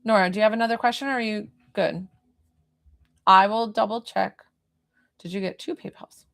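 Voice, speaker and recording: A woman's voice: mid-range voice, fairly even intonation, normal speed, vocal fry, fairly bright tone. A woman spiritual medium giving a live-streamed reading, talking in a chatty, informal way that wanders off to side matters. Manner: chatty, informal, easily sidetracked.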